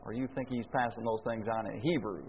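A man's voice: medium pitch, steady tone, fast talker, a little hiss or hum. A man preaching a sermon, folksy and full of rhetorical questions, chuckling now and then. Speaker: pastor. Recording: echoey hall, phone-like lo-fi sound.

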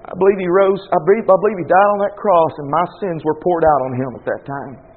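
Fervent preacher man, voice pitched high. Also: fairly even intonation, fast talker, narrow, tinny audio. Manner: conversational, swinging from quiet asides to loud fervent peaks; reads scripture aloud and then explains it. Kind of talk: sermon.

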